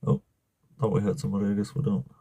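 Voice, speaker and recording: A man's voice: lowish voice, little pitch movement, racing, gravelly, dark tone, slightly rough, dry recording. A man with an Alabama accent hosting a live stream, talking casually and bluntly, swearing freely and laughing often. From Southern US.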